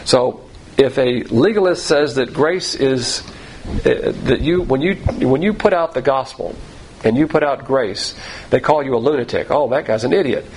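A man's voice: mid-range voice, breathy edge, poor audio. A man teaching through a Bible passage verse by verse, talking conversationally and often repeating himself while he finds his words. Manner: conversational, repeats words and restarts, spells out terms.

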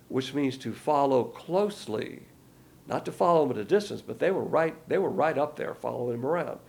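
A man's voice: mid-range voice, gravelly, a little mellow. A man giving a folksy, rambling verse-by-verse Bible lesson, with many fillers along the way. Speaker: Bible teacher.

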